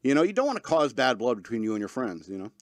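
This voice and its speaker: A man in his thirties rambles through a casual podcast monologue. He jokes and laughs often and fills his talk with fillers. His voice sits at a middle pitch and is recorded dry and close. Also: big pitch swings, fast, no room sound. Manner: loose, joking, laughs often, many fillers. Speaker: podcast host.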